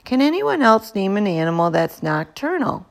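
Woman reading as a strict, soft-spoken older teacher. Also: medium pitch, moderate pace. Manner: calm, strict, quietly correcting.

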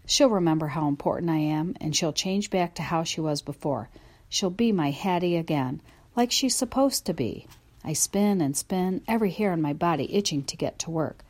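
Lively low-voiced woman reading a storybook. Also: normal speed. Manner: expressive, lively storytelling from a dog's view. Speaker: narrator. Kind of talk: audiobook narration.

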